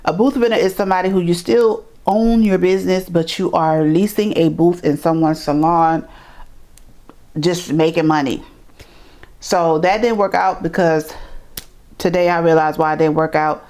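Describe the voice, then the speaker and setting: A middle-aged woman from New York telling her life story in an interview, animated and acting out the people she quotes. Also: fairly low pitch, moderate pace. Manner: animated, acts out quoted voices, repeats words. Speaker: interview guest. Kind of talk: storytelling in conversation.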